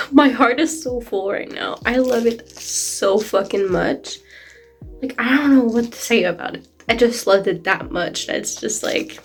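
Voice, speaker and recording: A woman chatting casually in a reading vlog, gushing excitedly and peppering her talk with "like.". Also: on the high side. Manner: gushing, excited, heavy use of "like". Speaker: book vlogger.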